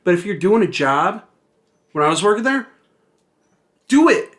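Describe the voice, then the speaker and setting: A high-pitched man vents on a casual podcast and punches his complaints with blunt profanity. He sounds exasperated and emphatic, and he hammers on each point. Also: sing-song, normal speed. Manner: emphatic, exasperated ranting with heavy swearing. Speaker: podcast co-host. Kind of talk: casual chat.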